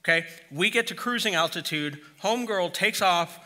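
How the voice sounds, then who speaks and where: A middle-aged man preaching with a bright, forceful voice pitched fairly high for a man. He tells stories with humor and speaks straight to his listeners in an easy, conversational way. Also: moderate pace. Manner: humorous storytelling, conversational and direct. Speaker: pastor. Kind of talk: sermon.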